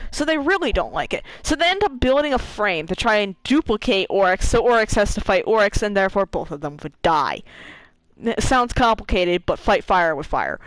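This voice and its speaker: A woman streamer casually retelling a game's story, animated, laughing and swearing as she acts out quick voices for the characters. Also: medium pitch, dry recording, poor audio. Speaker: gaming streamer. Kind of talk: casual lore retelling while gaming.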